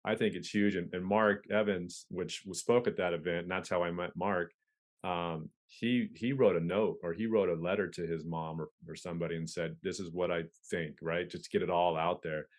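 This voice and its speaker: A man's voice: sits low, fairly even intonation, normal speed. A man talking candidly as a podcast guest, casual and profane, with frequent restarts. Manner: candid, profane, stop-start. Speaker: podcast guest, police officer. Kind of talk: casual conversation.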